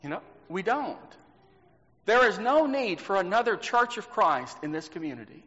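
Man, preacher, high voice, emphatic sermon, repeats words for stress, rhetorical questions, church hall with long reverb. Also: very animated, normal speed, pushed and bright, muffled recording. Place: church sanctuary.

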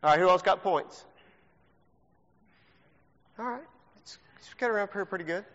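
A pastor with a high, fairly bright voice runs a trivia game for his congregation at normal speed, teasing and joking throughout. The church sanctuary recording sounds dull and lo-fi, with a long hall reverb.

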